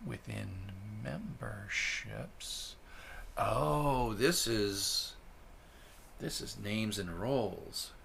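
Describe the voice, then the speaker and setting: A man reading a technical spec aloud while live coding, thinking out loud, ranting and swearing, then muttering soft asides to himself. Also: on the low side, extremely slow, a little hiss or hum. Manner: drops to soft, breathy asides.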